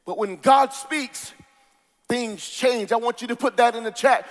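A male preacher with a strikingly high voice delivers a sermon in a rhythmic, sing-song cadence. He drops to a near hush, then rises to a shout, and draws out key words with long pauses. His voice rings with a long hall reverb.

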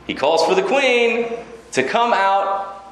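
A man giving a lively Talmud lecture, telling the story with Hebrew quotations and acted asides. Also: high voice, slow. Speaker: rabbi teaching Talmud. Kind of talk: animated Torah lecture. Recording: very echoey room with faint ambient noise.

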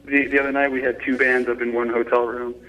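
A young man, a touring band musician, chatting as an interview guest in a halting way, often repeating words and poking fun at himself. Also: medium pitch, level tone, pushed and bright, low-quality recording. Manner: halting, repeats words, laid-back and self-mocking. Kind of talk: casual interview chat.

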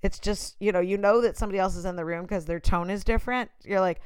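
Fired-up woman talking straight at you, smooth clear voice, dry recording. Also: medium pitch, quick pace, few pauses, dry recording. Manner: passionate, emphatic, talks to the listener directly. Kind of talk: casual motivational monologue.

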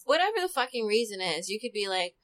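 A woman hosting a casual group chat, blunt and quick to laugh. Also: medium pitch, big pitch swings, fairly bright tone. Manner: laughs often, crude and blunt. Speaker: podcast host.

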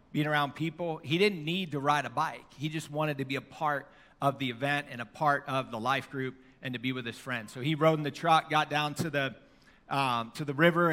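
Bright-voiced middle-aged preacher in a hall. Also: male voice, medium pitch. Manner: conversational storytelling with fillers. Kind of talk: sermon.

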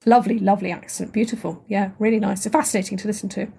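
Brief: middle-aged southern English woman, soft quiet voice, a little breathy, chatty podcast host. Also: medium pitch, fairly even intonation, racing. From southern England. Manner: chatty, frequent agreeing fillers and restarts. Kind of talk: casual interview chat.

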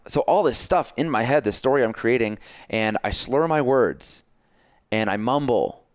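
A man hosting a casual podcast chat, coaching and telling stories in an animated way, acting out his own self-talk. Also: medium pitch, normal speed, clear, resonant tone, dry recording, clean studio sound. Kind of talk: casual conversation.

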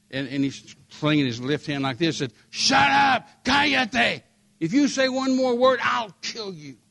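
A man's voice: medium pitch, gravelly. An older American man preaching, telling dramatic personal stories and acting out the voices of the people in them. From United States. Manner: animated, acts out the voices in his stories. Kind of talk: sermon storytelling.

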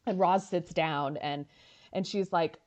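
Podcast co-host, female, animated storyteller; slightly dull lo-fi sound. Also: lowish voice. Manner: animated storyteller, quick asides and quoted lines. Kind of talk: casual chat, retelling an episode.

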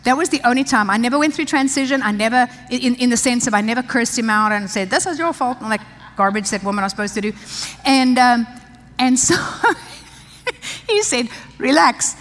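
A woman's voice: fairly high pitch, moderate pace, a bit bright. A woman pastor from South Africa, telling a personal story in a chatty sermon, laughing often and restarting her sentences. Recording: long reverb of a large hall.

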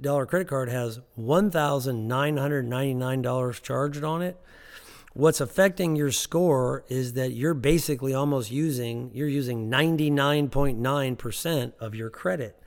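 A man's voice: mid-range voice, gravelly, long reverb tail. A man giving financial advice on a podcast, emphatic and repetitive, often checking in with "okay?".

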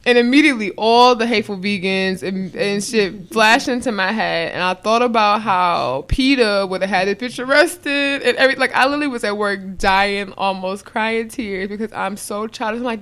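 A woman's voice: medium pitch, moderate pace, hardly any pauses. Blunt, profane young woman podcast host. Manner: profane, blunt, animated storyteller. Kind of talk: casual chat.

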